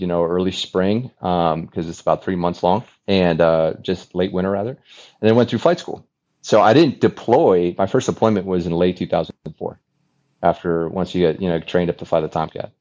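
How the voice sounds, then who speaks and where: A man in his forties, a former Navy fighter pilot, speaking as a podcast guest in an earnest, animated storytelling manner that acts out remembered dialogue. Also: deep voice, fairly quick. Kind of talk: conversational storytelling. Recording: dull lo-fi recording.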